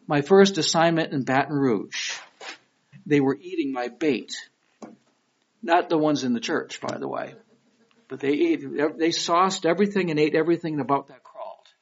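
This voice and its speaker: Detroit-accented pastor, slightly high voice. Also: male voice, normal speed, a little hiss or hum. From Michigan. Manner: conversational, storytelling with lively quoted voices. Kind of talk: sermon. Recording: dull lo-fi recording.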